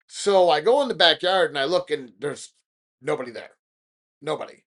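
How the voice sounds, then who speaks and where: Man telling a spooky story, fairly high voice. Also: brisk. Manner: animated, dramatic storytelling with rising excitement. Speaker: podcast host. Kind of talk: casual storytelling.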